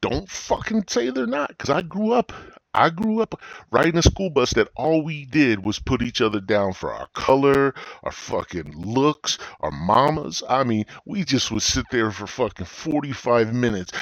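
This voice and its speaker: A man's voice: medium pitch, sing-song, moderate pace, no room sound. A middle-aged man hosting a podcast, ranting in a profane, joking way and slipping into mocking voices. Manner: swears constantly, slips into mocking voices. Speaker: podcast host. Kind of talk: profane comedic rant.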